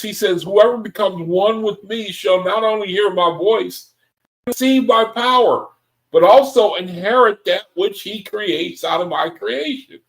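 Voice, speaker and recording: A man leading a Bible study group, reading scripture aloud and commenting on it in an excitable way, often laughing and calling the group brethren. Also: high-pitched, low-quality recording.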